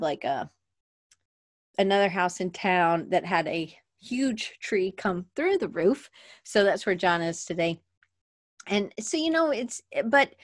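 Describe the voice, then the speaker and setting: A woman's voice: medium pitch, no room sound, studio quality. A woman hosting a casual livestream from her desk, rambling and chatty, often restarting her sentences. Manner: moves around at her desk. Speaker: podcast host. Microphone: webcam at desk.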